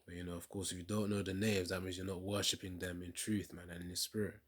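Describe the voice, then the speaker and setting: A man's voice: low voice, flat delivery, fast. A man giving casual religious reaction commentary in a preachy way, often tacking on "man" and laughing.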